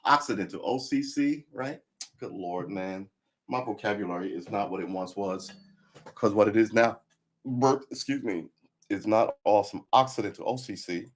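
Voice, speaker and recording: A gruff man with a lowish voice rambles through a live-stream chat. He thinks out loud, drifts from topic to topic and swears freely. His tone is blunt and offhand, like he's talking to himself as much as to viewers. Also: moderate pace. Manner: rambling, profane, thinks aloud and talks to himself. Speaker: livestreamer practicing guitar.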